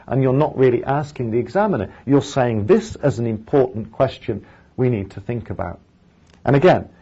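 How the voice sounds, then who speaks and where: Man teaching English in a mellow voice. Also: mid-range voice, dull audio. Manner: explains steps, then models sample sentences aloud. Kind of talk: recorded lecture over slides.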